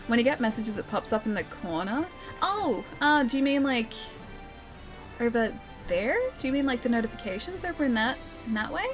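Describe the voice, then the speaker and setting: A woman's voice: fairly high pitch, animated, moderate pace, music in the background. Chatty Australian woman streamer. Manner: chatty, laughs often, answers chat. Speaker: game streamer. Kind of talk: casual live-stream chat.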